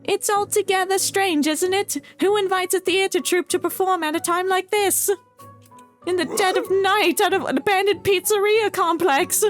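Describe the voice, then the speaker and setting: A woman's voice: extremely high pitch, fairly even intonation, normal speed, faint music behind, pitched above the performer's own voice. A woman voicing an earnest, puzzled young troupe leader in a raised, hesitant reading voice. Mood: wary.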